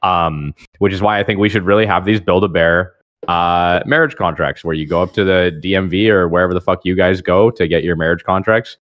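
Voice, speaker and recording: A man with a very low voice on a live debate stream, recorded dry and close. He rambles casually and swears freely as he lays out his idea. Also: steady tone, fairly quick, no room sound, highs cut off.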